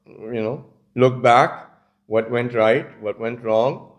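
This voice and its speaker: A man delivering a conversational religious lecture, telling stories with many casual asides. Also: medium pitch. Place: community centre lecture.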